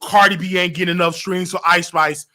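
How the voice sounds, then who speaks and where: A man hosting a comedy show, ranting in a loud, animated way and often breaking into shouts. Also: high voice, brisk. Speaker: show host. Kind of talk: comedic rant.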